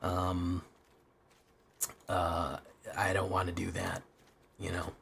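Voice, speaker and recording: Male streamer, low voice, loose rambling chat with lots of swearing, faint room hiss. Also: monotone, takes it slowly, gravelly, a bit bright. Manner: rambling, self-deprecating, swears often. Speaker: streamer playing a card game. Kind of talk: casual live-stream chat.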